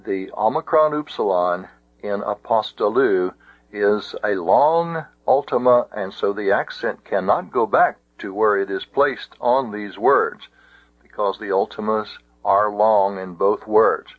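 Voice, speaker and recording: A man's voice: fairly low pitch, unhurried, no echo. A man teaching Greek grammar, methodically and carefully spelling out each example. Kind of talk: explaining grammar rules. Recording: tinny phone-like audio.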